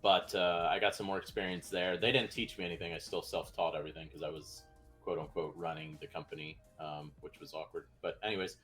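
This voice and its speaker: A man's voice: low-pitched, fairly even intonation, a little fast, fairly bright tone, soft background music. A man who develops games, chatting casually in a laid-back, rambling, joking way. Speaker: game developer guest. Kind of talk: casual chat.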